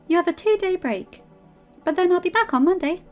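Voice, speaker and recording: Perky high storybook troll princess, put on by a woman reader, loud and sing-song. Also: lively intonation, brisk, dull audio, faint music behind. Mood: cheerful. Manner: cheerful, sing-song, pleading. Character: bubbly upbeat young female troll princess.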